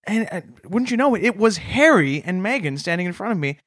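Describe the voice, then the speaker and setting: A man's voice: sits high, sing-song, a little fast, fairly bright tone, no echo, clean studio sound. A man co-hosting a comedy podcast, telling absurd made-up stories in a mock-serious, straight-faced way. He is from Toronto. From Toronto, Canada. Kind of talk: deadpan comedic storytelling.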